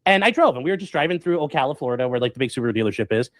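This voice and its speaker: A man streaming, telling a story to his chat in a rambling, animated way, full of fillers and acted-out quotes. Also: mid-range voice, racing, no echo. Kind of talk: casual storytelling to a live chat.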